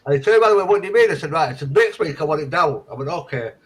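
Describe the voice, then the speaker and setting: Chatting casually with a friend, a man swears freely and acts out both sides of remembered conversations. His voice is on the high side, animated and rapid-fire, and the recording is rough.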